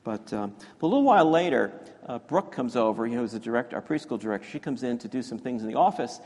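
A man's voice: mid-range voice, animated, fast, a little mellow. A male pastor telling a children's story in a sermon, chatty and self-deprecating with many fillers and restarts. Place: church sanctuary. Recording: echoey church hall.

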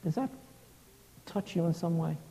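A man preaching a sermon, slow and reflective, sometimes dropping to a hushed, breathy tone. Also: a little high, big-room sound, a little hiss or hum.

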